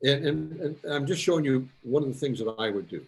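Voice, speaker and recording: A man's voice: mid-range voice, animated, fairly quick, creaky. A man presenting a photo-editing demo to a club in a folksy, instructive way.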